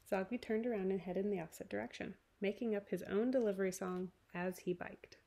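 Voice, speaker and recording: Gravelly woman reading a picture book. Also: medium pitch, steady tone, a little fast, hardly any pauses. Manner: clear, warm read-aloud narration for young children. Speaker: teacher.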